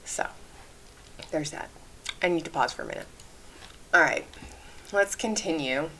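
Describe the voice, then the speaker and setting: A woman's voice: low-pitched, unhurried, pushed and bright, slight background noise. A woman hosting a channel, commenting candidly on a clip and giving safety advice in a chatty way. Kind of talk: reaction commentary.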